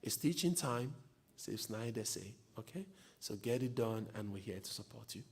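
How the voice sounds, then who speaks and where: A man's voice: lowish voice, lively intonation, normal speed, creaky, darkish tone, husky. A man, a lecturer co-hosting a live show, giving direct, encouraging advice to students. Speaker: lecturer, co-host.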